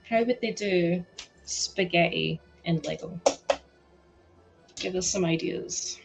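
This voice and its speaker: A young woman hosting a live stream, chatting excitedly and laughing as she builds a toy set. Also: lowish voice, slow, gravelly, long pauses, soft background music. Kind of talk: casual chat while building a toy set.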